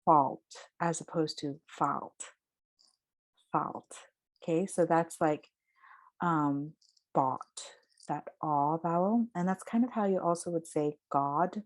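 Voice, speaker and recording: A woman's voice: low voice, normal speed, a little mellow. A woman giving a casual spoken lesson, explaining and demonstrating vowel sounds aloud. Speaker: voice teacher.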